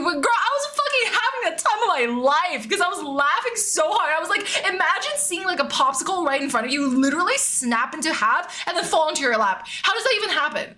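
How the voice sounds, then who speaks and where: A young woman streamer tells a story in casual chat. Her voice is high and bright. She talks in an animated way, swears freely and laughs often. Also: fast talker.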